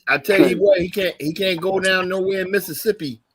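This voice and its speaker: Animated man reacting in a podcast chat. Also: high-pitched, quick pace, slightly rough. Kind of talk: casual sports podcast chat.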